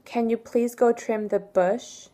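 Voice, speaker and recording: A woman teaching English pronunciation, saying each word twice with careful, deliberate enunciation before reading model sentences. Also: fairly high pitch, fairly even intonation, mellow. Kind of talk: pronunciation lesson with slow model words and sentences.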